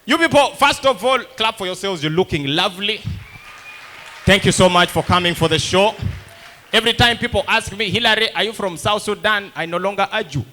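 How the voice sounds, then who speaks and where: A man's voice: sits high, brisk, slight background noise. A man doing a stand-up comedy set, telling stories and acting out the voices of other people. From Uganda. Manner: animated storytelling that acts out other people's lines.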